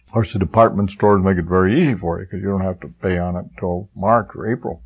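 A man's voice: deep voice, fast talker, slightly rough, rough recording. An older man preaching a folksy, rambling sermon, telling homespun stories between points. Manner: folksy, rambling storyteller with chuckles.

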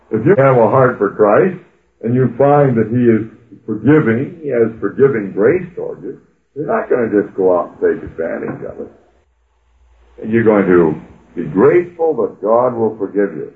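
A man's voice: fairly low pitch, roomy sound. A man preaching a sermon in a conversational, folksy way, often acting out the quotes of the people in his stories. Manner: conversational, folksy, with filler uhs and acted-out quotes. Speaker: pastor. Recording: tinny phone-like old radio broadcast with faint hiss.

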